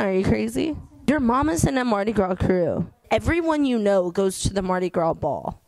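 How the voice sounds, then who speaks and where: A woman's voice: medium pitch, animated, moderate pace, hardly any pauses, low-quality recording. A young adult woman interviewing a small child in a teasing, patient way, laughing often. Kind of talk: playful casual chat with a child.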